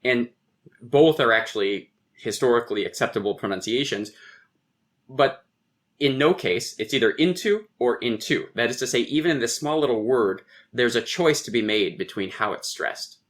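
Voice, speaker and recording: A man's voice: medium pitch, normal speed, fairly bright tone. A man, a poet and guest, reflectively explaining verse and tapping out rhythms aloud. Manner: lecturing, taps out rhythms aloud.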